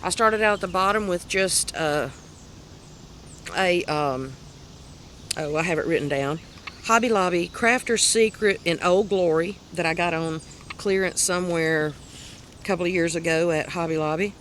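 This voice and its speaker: A woman with a Southern US accent hosting a crochet video podcast, chatting casually and rambling as she shows her finished projects, quick to laugh at herself. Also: fairly low pitch, a bit bright, a little hiss or hum. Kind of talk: casual show-and-tell chat.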